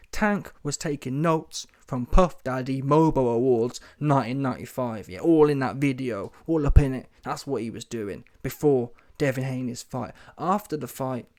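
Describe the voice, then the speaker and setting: A man's voice: mid-range voice, a little mellow. A man doing a brash, mocking commentary rant full of street slang. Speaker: commentary vlogger.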